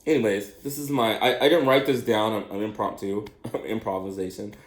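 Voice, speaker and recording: A middle-aged man telling a rambling personal story in casual chat, animated and laughing often. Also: moderate pace, reverberant. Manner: animated, laughs often, mimics high questioning voices.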